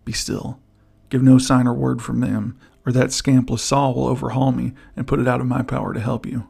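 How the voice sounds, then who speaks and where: A man reading the part of a gruff, gloomy old outlaw who offers hushed help. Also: mid-range voice, level tone, brisk. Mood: low urgent. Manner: rough, hushed, conspiratorial. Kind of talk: audiobook character voice.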